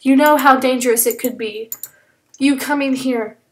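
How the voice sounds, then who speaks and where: A curt, defensive tomcat leader with a grudge, read out by a woman narrating her own story. The voice stays high and close to her everyday storytelling tone. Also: steady tone, moderate pace, close to an everyday voice. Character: proud, resentful male cat leader.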